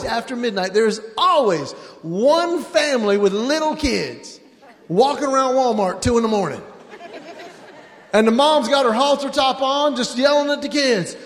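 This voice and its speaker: High-voiced man doing stand-up comedy. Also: normal speed, big-room sound. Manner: animated storyteller acting out his kids and himself. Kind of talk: stand-up comedy for a live audience.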